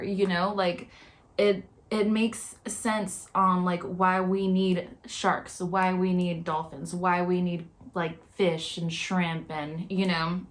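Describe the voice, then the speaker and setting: Upset young woman rambling in a reaction vlog. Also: on the low side. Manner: upset, rambling, heavy filler words. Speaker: vlogger. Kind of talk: emotional reaction commentary.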